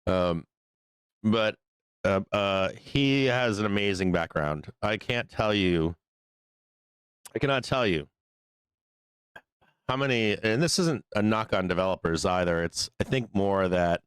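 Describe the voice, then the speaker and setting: A man's voice: on the low side, lively intonation, unhurried, pauses often, fairly bright tone, clear, resonant tone, no room sound. A man hosting a live market stream while losing his voice from being sick, talking in a rambling way with lots of fillers. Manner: rambling, many fillers and restarts, hums to himself. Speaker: live stock market show host. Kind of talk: casual live-stream chat.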